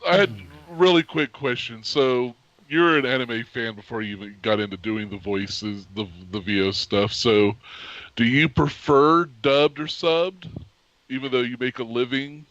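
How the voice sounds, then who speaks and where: A man with a mid-range voice asks an interview guest relaxed, casual questions. His sound is dry and a little muffled. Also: medium pitch, measured pace, no echo. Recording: dry, slightly muffled audio.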